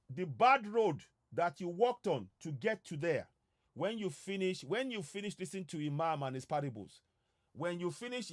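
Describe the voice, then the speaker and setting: In a high-pitched voice, a male political commentator gives an urgent broadcast address, exhorting his audience over and over to take action. It's recorded in studio quality with no room sound.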